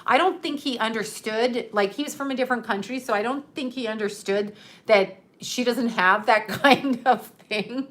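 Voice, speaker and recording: A middle-aged woman with a fairly high voice tells a story from her own life. She swears freely, laughs often and acts out the other people in it. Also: normal speed. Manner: profane, laughing often, animated retelling. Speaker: host telling a personal story. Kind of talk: casual storytelling.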